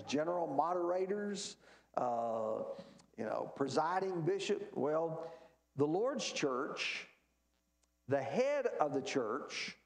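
A man leads a church Bible class in an emphatic teaching manner, often asking a question and then answering it. His voice sits high and swings widely in pitch. The sound carries the echo of a roomy church space.

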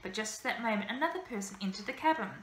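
A woman teacher reading a children's novel aloud with lively, expressive storytelling. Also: a little high, racing, slight background noise. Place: school room. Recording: echoey room, faint ambience.

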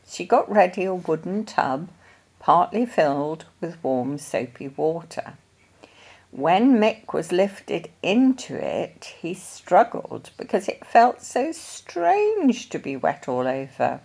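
A woman reading an old children's story aloud in a gentle, deliberate way. Her pace is unhurried, and her pitch moves expressively through the sentences. Her voice sits a little low for a woman. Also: very animated, gravelly, slightly rough. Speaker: storybook reader.

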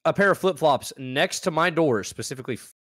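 A man's voice: a little high, expressive, fairly quick, a bit bright. A man chatting casually with friends on a stream, laid-back and swearing casually.

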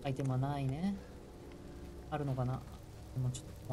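A woman game streamer giving live gameplay commentary with excitable reactions, switching between Japanese and English. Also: a bass voice, racing, slight background noise.

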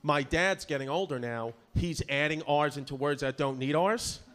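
Exasperated New York comic, high voice. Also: male voice, fairly bright tone. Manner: quick, incredulous, exasperated. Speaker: stand-up comedian. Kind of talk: stand-up comedy. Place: comedy club stage before a live audience. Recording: live club with crowd and noise.

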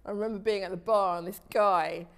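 Woman in her thirties, interview guest, lively storyteller who restarts sentences and laughs easily, mid-pitched voice. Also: a little fast, clear, resonant tone.

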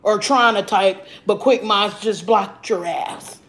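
A woman hosting a live mukbang stream from home, chatting loudly and profanely while answering viewer comments. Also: mid-range voice, slow, poor audio. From Arizona. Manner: loud, profane, animated, reading and answering chat comments. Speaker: livestream mukbang host. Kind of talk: casual live-stream chat.

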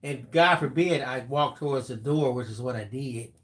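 A man in his fifties, co-hosting and reading out viewer comments, telling a story in an animated way and mimicking others with laughter. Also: medium pitch, moderate pace. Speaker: co-host, reads viewer comments. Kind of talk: casual storytelling.

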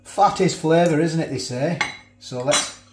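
A man's voice: fairly high pitch, a little slow, reverberant, heavy background noise. A man chatting casually as he cooks and tastes food in a home kitchen. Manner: chatty, talks while chewing, frequent restarts. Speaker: food reviewer. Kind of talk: casual food review vlog.

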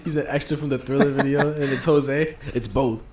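A man's voice: medium pitch, brisk, crowd noise. A man bantering and telling crude stories while watching a friend play a game, with lots of laughing. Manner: animated, crude, laughing storyteller. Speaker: co-host of a game stream. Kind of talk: casual banter while gaming. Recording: echoey room with faint noise.

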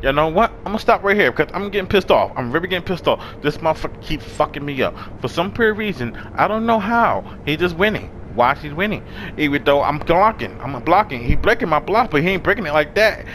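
A young man streaming a video game, shouting, cursing and shrieking in frantic play-by-play, then winding down in a tired sign-off. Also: lively intonation, fairly quick, slight background noise. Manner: yelling, cursing, high-pitched shrieks when panicked. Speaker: gaming streamer. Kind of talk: frantic gameplay commentary.

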